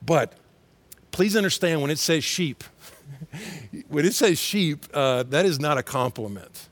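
A man's voice: fairly high pitch, moderate pace, no echo. A middle-aged man from Texas, preaching a conversational sermon and acting out quoted voices. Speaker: pastor.

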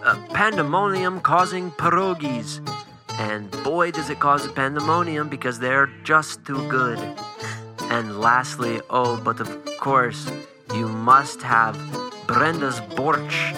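A man's voice: medium pitch, slow pace, over music, natural voice. A man voicing an exuberant Polish restaurant owner in a mock radio commercial, with a put-on Polish accent and showy announcer delivery. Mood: hammy.

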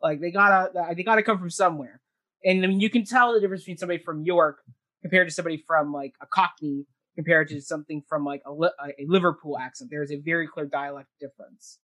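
A man's voice: a little high, steady tone, quick pace, pushed and bright. A man reviews a stage production with his co-hosts in a loose, chatty way. He is opinionated and full of fillers and self-corrections. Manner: opinionated, lots of "like" and restarts. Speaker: theatre reviewer. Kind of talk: casual podcast review chat.

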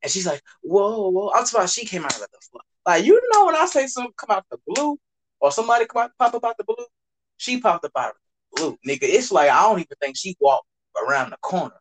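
A man's voice: high voice, very animated, fast talker, a little hiss or hum, poor audio. A young man telling a story in a casual podcast chat, full of slang and swearing, often mimicking other people's voices.

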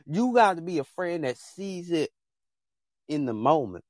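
A man's voice: a little high, very animated, measured pace, darkish tone, dry recording. Young man, AAVE speech, podcast host, passionate rambling advice, dry close sound. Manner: passionate, rambling, talks straight to viewers. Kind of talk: casual chat, preachy advice.

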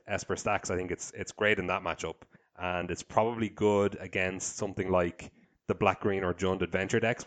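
A man in a casual card-game strategy chat, thinking aloud in a measured way with small hesitations. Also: lowish voice.

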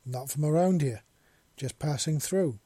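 Brief: narrator as terse armoured soldier, clipped orders, dark husky tone. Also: male voice, mid-range voice, moderate pace, no echo, natural voice. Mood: cryptic. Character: calm, blunt man in power armour.

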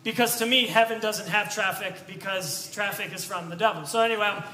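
A man's voice: sits high, fairly even intonation, fairly quick, sharp tone. A man preaching a sermon as pastor, in a conversational, storytelling way with rhetorical questions. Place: church sanctuary. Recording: echoey church room with faint noise.

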